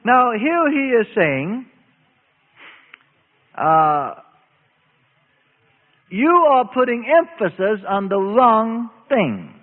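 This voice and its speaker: A man preaching a sermon, slow and emphatic, stretching out his phrases. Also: high-pitched. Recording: phone-like audio in a reverberant hall.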